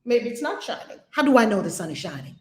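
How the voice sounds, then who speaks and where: A woman's voice: a little high, sing-song, quick pace, roomy sound. A woman leading a spiritual lesson at home, asking many rhetorical questions in an emphatic way. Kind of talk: spiritual teaching with questions to a student.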